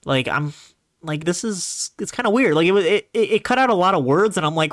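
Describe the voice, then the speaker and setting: A young man in his twenties, from Northeast Ohio, talks on his own podcast in a fairly high voice that swings up and down a lot. His telling rambles along in an animated, chatty way. The sound is dry and close, with no room echo. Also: brisk. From Northeast Ohio, USA. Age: 20s. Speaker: podcast host. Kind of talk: casual solo podcast monologue.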